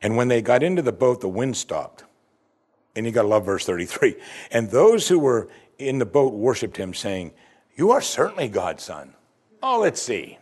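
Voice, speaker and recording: A man's voice: medium pitch, big pitch swings, moderate pace, darkish tone, husky. A man preaching a sermon, reading scripture aloud with dramatic emphasis. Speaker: pastor.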